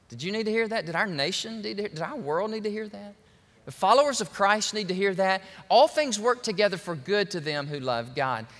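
A male pastor preaches with emphatic, playful energy. His voice is high and bright and swings widely in pitch. The sound carries a long reverb from a church hall. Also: fairly quick. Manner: animated, emphatic, folksy humor. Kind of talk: sermon.

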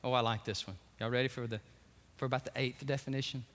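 A man preaching a sermon from a church pulpit, animated and exclamatory, with joking personal asides. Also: mid-range voice, fast talker. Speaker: pastor. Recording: echoey church hall.

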